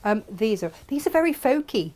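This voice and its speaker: A woman's voice: a little high, sing-song, fairly quick, a little mellow. A woman in her forties hosting a live craft show, chatting casually and laughing as she shows fabrics. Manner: chatty, laughing, trails off into asides.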